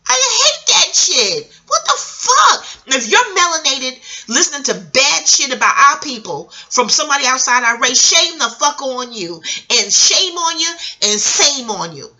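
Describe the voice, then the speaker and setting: A middle-aged woman rants in a casual vlog, her voice bright and fairly high. She rambles from point to point, swears freely, and swings between loud outbursts and quiet asides. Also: expressive, moderate pace. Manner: rambling, scattered and profane. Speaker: vlogger. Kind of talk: casual rant commentary.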